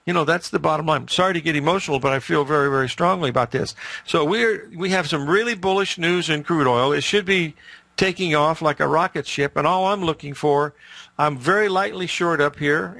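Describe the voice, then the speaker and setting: A man's voice: on the high side, brisk, vocal fry, bright, forceful tone, no echo. An older man hosting a market show, telling rambling, emphatic stories in casual commentary.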